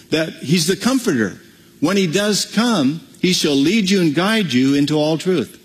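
A man's voice: fairly high pitch, expressive, moderate pace, husky, big-room sound. A man preaching, praying and then teaching a Bible passage in an emphatic, folksy way. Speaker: pastor. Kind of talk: sermon with prayer and Bible teaching.

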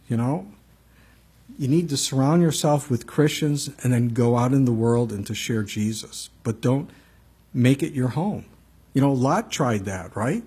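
A pastor preaching a conversational sermon, reading scripture and telling stories with frequent asides to the congregation. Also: male voice, mid-range voice, a little mellow, husky.

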